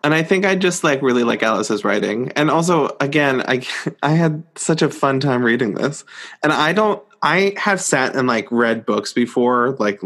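A young man co-hosting a casual book podcast, relaxed and chatty with plenty of fillers. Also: medium pitch, normal speed. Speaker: podcast co-host.

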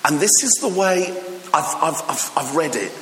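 Male preacher, bright and high, playful acted-out storytelling, recorded in a reverberant hall. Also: animated, slight background noise. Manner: humorous storytelling with acted voices; halting restarts. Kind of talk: sermon.

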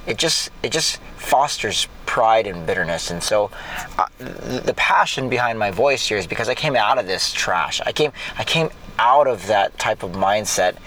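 A man's voice: lowish voice, lively intonation, moderate pace, sharp tone, low-quality recording. A man giving an informal, impassioned sermon, talking conversationally with frequent restarts. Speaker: preacher.

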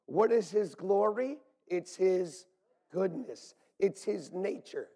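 Husky-voiced animated male pastor. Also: high-pitched, unhurried, long reverb tail, dull audio. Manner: animated, swings from loud calls to hushed whispers. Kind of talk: sermon.

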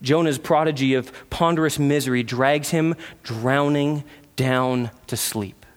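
A man preaching a sermon, earnest, with rhetorical questions and dramatic pauses. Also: mid-range voice. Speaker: pastor.

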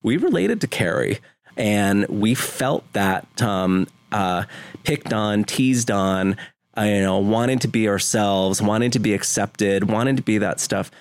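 A man from Vermont with a fairly low voice talks as a podcast guest. He tells his stories earnestly and with feeling, rambling and restarting as he goes, and the sound is dry and close. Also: a little slow, clear, resonant tone, dry recording. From Vermont, USA. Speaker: guest, home video producer. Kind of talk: conversational interview.

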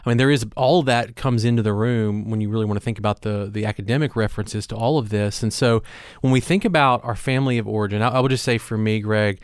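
A man's voice: on the low side, fairly even intonation, quick pace, clean tone, dry recording, studio quality. A man co-hosting a leadership podcast, talking in a thoughtful, earnest way with frequent fillers and restarts. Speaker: podcast co-host.

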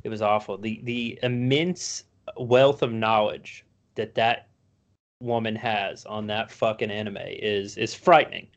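A man co-hosting a casual podcast, swearing freely as he tells animated stories. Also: on the low side, unhurried, lo-fi sound. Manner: profane, animated storytelling. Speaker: podcast co-host. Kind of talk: casual chat.

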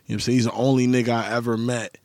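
A man's voice: mid-range voice, flat delivery, fast talker, a little mellow, no echo. A man co-hosting a podcast, talking in laid-back, joking banter with friends. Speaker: podcast co-host. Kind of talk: casual chat.

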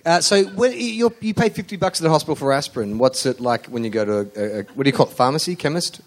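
A man in casual comic chat, asking quick curious questions and teasing. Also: a little high, animated.

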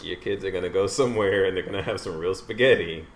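A man's voice: sits low, fast, background noise. A man in casual comedic conversation, riffing and reacting with jokes. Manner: laughing, jokey reactions and riffs.

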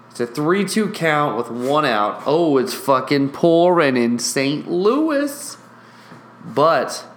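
Profane, excitable man hosting a podcast. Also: medium pitch. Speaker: podcast host. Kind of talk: casual solo podcast with mock play-by-play. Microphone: studio mic with pop filter.

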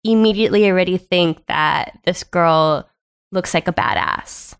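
A woman's voice: fairly low pitch, measured pace, creaky, clean tone. A woman chatting casually as a guest in a film discussion, hesitant and giggly. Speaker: podcast guest.

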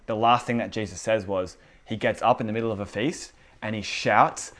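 A man's voice: fairly low pitch, quick pace. A man who leads a church teaching night, chatting casually about faith and acting out the people in his stories. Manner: animated storyteller who acts out quotes.

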